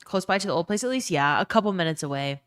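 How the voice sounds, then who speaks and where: A woman streamer with a lowish, expressive, slightly bright voice talks fast and casually with her chat, answering their messages. She tells a tender story full of "um" and "like," with some swearing mixed in.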